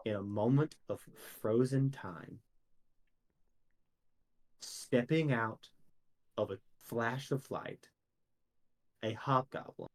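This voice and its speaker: A man narrating as game master of a tabletop role-playing game, measured and descriptive. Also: on the low side.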